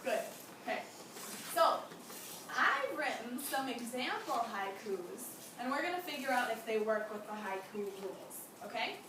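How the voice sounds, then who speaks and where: High-voiced woman teaching a class. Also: big pitch swings, normal speed. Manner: encouraging, asks many questions. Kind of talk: classroom lesson. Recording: echoey room from far off, background noise.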